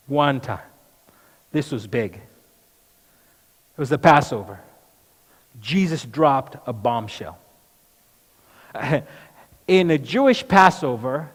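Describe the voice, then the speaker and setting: A man speaking in character as the apostle Peter, an outspoken, impulsive fisherman, in an earnest monologue that questions the audience directly. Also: fairly high pitch. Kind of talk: dramatic first-person monologue. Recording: echoey hall reverb.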